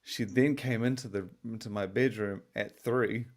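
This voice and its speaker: A man's voice: fairly low pitch, steady tone, moderate pace. A young adult man co-hosting a podcast, telling a story in a rambling, profane way and sounding tired. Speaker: podcast co-host. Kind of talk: casual podcast chat.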